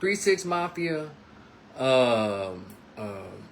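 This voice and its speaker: A man's voice: mid-range voice, drawn-out words, creaky, slight background noise. A man giving a casual monologue, telling a story and acting out the people in it. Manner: animated storytelling, acts out quotes. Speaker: commentator.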